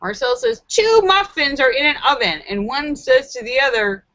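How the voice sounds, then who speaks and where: A woman hosting a live stream, reading viewers' jokes aloud and acting out the voices with giggly, animated delivery. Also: sits high, normal speed, hardly any pauses, no room sound, muffled recording. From Los Angeles area.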